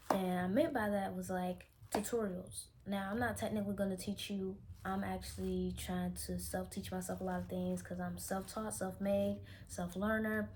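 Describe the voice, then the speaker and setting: A woman's voice: medium pitch, darkish tone, a little hiss or hum. Candid young Chicago woman vlogging. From Chicago, Illinois. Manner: rambling, self-correcting, candid. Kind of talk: casual unscripted vlog. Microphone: phone camera.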